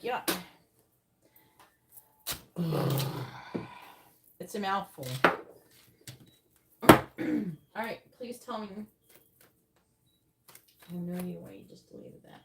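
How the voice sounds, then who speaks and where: A woman's voice: fairly low pitch, lively intonation, unhurried, pauses often, a little hiss or hum, low-quality recording. A woman doing a live-stream tarot reading, talking bluntly and swearing often as she explains how to word questions. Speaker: psychic tarot reader.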